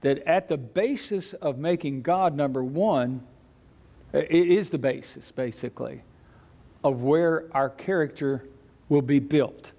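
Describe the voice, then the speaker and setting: A man teaching a church Bible class in a conversational way, with halting restarts and light chuckles. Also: on the high side, mellow.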